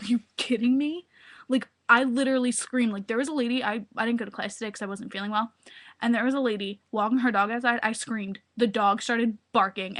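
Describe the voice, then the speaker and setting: A woman's voice: a little high, fairly bright tone. Gushing young woman on a webcam. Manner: gushing, breathless, full of filler words. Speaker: vlogger. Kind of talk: excited casual webcam vlog. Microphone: webcam mic.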